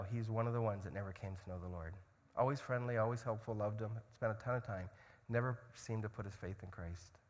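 A man preaching a sermon as a missionary, swinging from loud urgency to hushed storytelling. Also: mid-range voice, long reverb tail. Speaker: missionary speaker.

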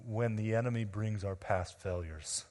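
A man preaching an expository sermon as pastor, earnest, addressing the men and women before him, often dropping quietly at the ends of phrases. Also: lowish voice, normal speed. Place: church sanctuary. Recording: long reverb of a large room.

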